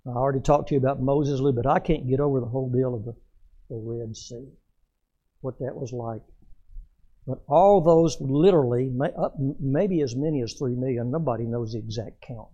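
An older man, a pastor, preaching a folksy, storytelling sermon that swells loud and then drops soft. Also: medium pitch, brisk, muffled recording.

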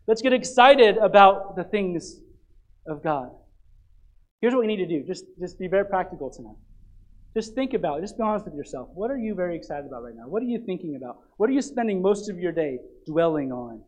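Pastor, male, fervent sermon delivery with sudden drops to quiet asides. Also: high voice, fairly quick, rough recording. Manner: exhorting, repetitive calls to get excited; dynamic, dropping to quiet asides.

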